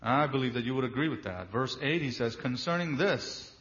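A man delivers a sermon in a mid-range voice. He stresses key words emphatically, drawing them out slowly, and keeps turning to rhetorical questions. The recording sounds slightly dull and muffled. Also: medium pitch, animated, a bit bright. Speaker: preacher.

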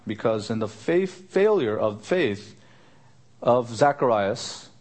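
A man preaching an expository sermon, earnest, lifting his voice to stress a point and repeating his questions. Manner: earnest, rising pitch for emphasis, repeats questions. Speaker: pastor.

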